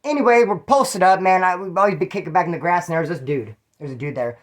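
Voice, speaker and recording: A high-voiced California man rattles off prison stories at a quick pace, casual, profane and slangy, rambling and restarting as he goes. He mimics other people in quoted voices.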